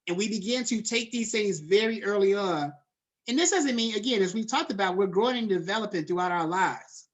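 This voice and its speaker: A male college lecturer teaches a class over a video call. He talks casually and loosely, checks in with his students by name, and leans on frequent fillers. The delivery stays relaxed and conversational throughout. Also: sits high.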